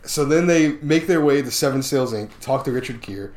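A man in a casual chat who retells a movie plot with animated energy, laughing often. His voice sits at a middle pitch and moves from one scene to the next. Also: brisk.

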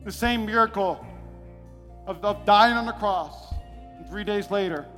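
A man preaching an impassioned sermon, swinging between shouts and hushed passages. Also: high-pitched, measured pace. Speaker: pastor. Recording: long hall reverb, faint music.

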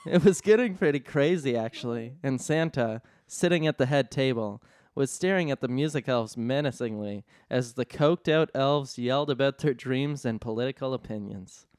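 A man reading an absurd comedy story aloud in a deadpan way, often cracking up. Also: mid-range voice, dry recording. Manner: deadpan narration, often breaking into laughter. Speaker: storyteller host.

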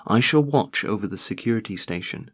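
A man voicing a sinister facility worker who speaks formally and smoothly while lying. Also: fairly low pitch, lively intonation, brisk.

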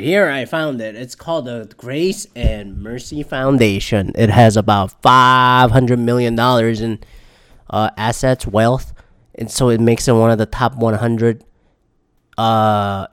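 A man's voice: mid-range voice, clear, resonant tone. A man reading a news article aloud and breaking off into profane, rambling, sarcastic asides in casual commentary.

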